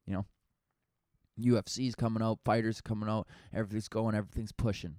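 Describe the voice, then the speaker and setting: A man's voice: lowish voice, level tone, a little fast, darkish tone, no room sound, clean studio sound. A young man, a comedian, rambling through a profane, casual podcast monologue full of fillers.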